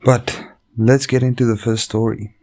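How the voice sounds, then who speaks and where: A man's voice: mid-range voice, level tone, normal speed, a little mellow. A comedian hosting a show, chatting casually and reading online stories aloud into a microphone. He rambles, swears and keeps cutting himself off. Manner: rambling, profane, self-interrupting. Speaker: comedian and podcast host.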